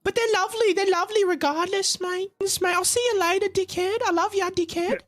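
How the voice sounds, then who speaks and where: A woman's voice: very high-pitched, fairly even intonation, brisk. A woman with an exaggerated Australian accent, voicing a chatty mum in a role-play game who calls everyone mate. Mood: cheeky. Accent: overdone Australian. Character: chirpy Australian mum of two daughters.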